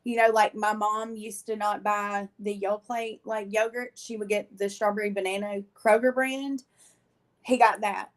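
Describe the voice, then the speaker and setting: A woman, a podcast guest telling her own story in casual chat, animated and often laughing as she acts out what people said. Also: mid-range voice, normal speed.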